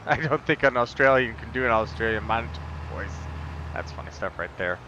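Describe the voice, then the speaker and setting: A man's voice: mid-range voice, brisk, lo-fi sound, background noise. A man streaming a farming game, chatting casually in a rambling, jokey way with lots of fillers. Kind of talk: casual gameplay chat.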